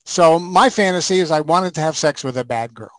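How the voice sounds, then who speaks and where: An older man chatting casually, telling lively stories and acting out the scenes. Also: a little high, fairly quick, no room sound, poor audio. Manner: animated raconteur, acts out scenes. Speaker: guest. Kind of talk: casual storytelling chat.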